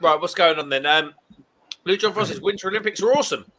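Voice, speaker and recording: A man's voice: sits high, quick pace, bright, forceful tone, a little hiss or hum. A man in his thirties co-hosting a casual late-night live stream chat, reading viewer comments and ranting animatedly.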